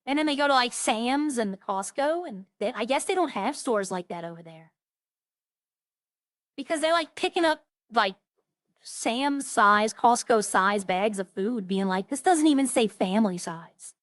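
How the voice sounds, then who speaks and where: A woman's voice: on the high side, animated, measured pace, fairly bright tone, no echo. A woman chatting casually on a roleplay stream, rambling through funny stories and imitating the people she quotes.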